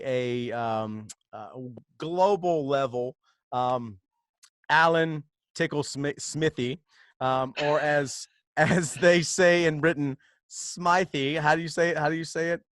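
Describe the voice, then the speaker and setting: A man's voice: on the high side, steady tone, slow pace, fairly bright tone, clear, resonant tone, no room sound, studio quality. A man hosting a casual podcast chat, rambling with many fillers and restarts and laughing often. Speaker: podcast host.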